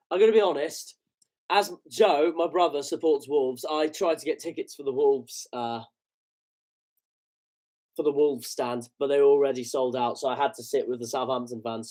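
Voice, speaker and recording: A man's voice: medium pitch, darkish tone. A man hosting a casual football reaction, chatty, self-mocking and sweary. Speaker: football channel host. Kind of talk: casual match reaction commentary.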